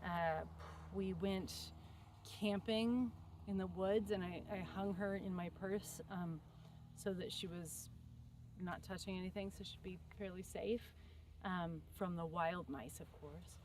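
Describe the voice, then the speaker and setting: A woman's voice: on the low side, steady tone, unhurried, darkish tone, slight background noise. A young woman telling rambling stories in a casual, chatty way while working on a fence outdoors. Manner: rambling, chatty, with many fillers and asides.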